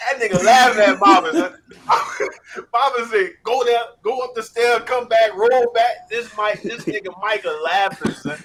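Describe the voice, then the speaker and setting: A man hosting a casual podcast, telling stories in a lively way and laughing often. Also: sits high, unhurried, a crowd in the background.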